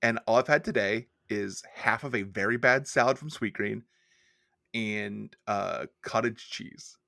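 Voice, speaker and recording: Casual male co-host, gravelly, dry mic, rambling self-mocking talk. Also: lowish voice, a little slow, pushed and bright, no echo. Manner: rambling, self-deprecating storytelling. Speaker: podcast co-host and editor. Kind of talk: casual chat.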